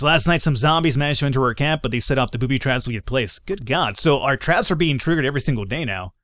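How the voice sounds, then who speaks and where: A man's voice: mid-range voice, a bit bright, dry recording. A man casually commentating a game he plays, chatty and joking, reading dialogue in voices. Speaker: gaming YouTuber. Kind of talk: let's play commentary.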